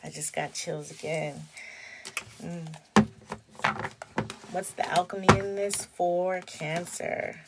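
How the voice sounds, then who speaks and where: A woman giving a tarot reading for a zodiac sign, animated, breaking into sung snippets and laughter. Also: on the low side, slow, pauses often, heavy background noise. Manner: animated, sings and chants snippets, laughs often. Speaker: tarot reader.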